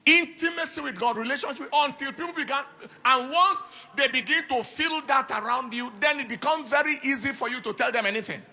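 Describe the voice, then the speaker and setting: A man's voice: extremely high pitch, fairly quick, few pauses, bright, forceful tone, faint music behind. A middle-aged man preaching a sermon, telling personal stories with emphatic repetition and laughter. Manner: emphatic, repeats words and phrases. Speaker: pastor.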